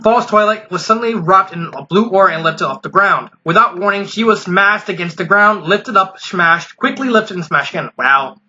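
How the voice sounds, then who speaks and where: A man's voice: high-pitched, expressive, moderate pace, few pauses, bright, forceful tone, muffled recording, slight background noise. A young man casually reading fan fiction aloud, stumbling now and then and adding wry asides. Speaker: fanfiction reader.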